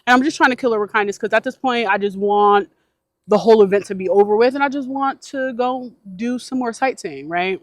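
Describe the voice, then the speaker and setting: A woman vlogger telling a story to her viewers in a casual, animated way, full of filler words. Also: a little high, fairly quick, no echo. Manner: animated, chatty, many filler likes. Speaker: van life vlogger.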